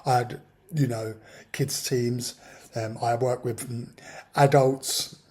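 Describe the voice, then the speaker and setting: A man's voice: mid-range voice, steady tone, slow, a little mellow. A man telling a personal story in an exasperated, ranting way. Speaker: vlogger. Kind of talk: personal account monologue.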